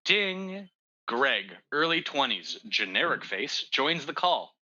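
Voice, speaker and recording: A man's voice: a little slow, husky, muffled recording. A man from Canada co-hosting a comedy podcast over a video call, reading script directions and teasing his friends. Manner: excitable, teasing, jumps up in pitch.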